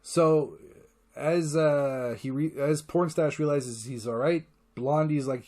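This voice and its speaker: A man's voice: on the high side, a little mellow. A man hosting a casual solo podcast, rambling with enthusiasm and swearing freely. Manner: enthusiastic, profane, rambling retelling; acts out character lines in quick voices. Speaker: podcast host.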